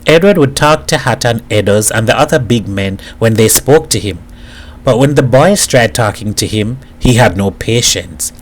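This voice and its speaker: A man from Jamaica reading a novel aloud in steady, even narration. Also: fairly low pitch, moderate pace. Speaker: reader.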